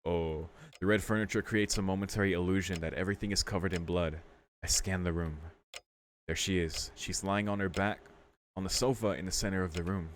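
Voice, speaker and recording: A man's voice: low-pitched, steady tone, a little fast, a little hiss or hum. A man hosting a let's play, reading a visual novel's text aloud and breaking off to react casually, now and then with a swear. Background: faint game music.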